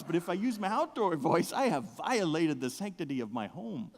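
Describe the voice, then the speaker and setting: A middle-aged man preaching a sermon, with a big outdoor voice, telling stories with humor and swinging from soft asides to loud excited bursts. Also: fairly high pitch, normal speed, hardly any pauses, long reverb tail. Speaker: pastor. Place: church sanctuary.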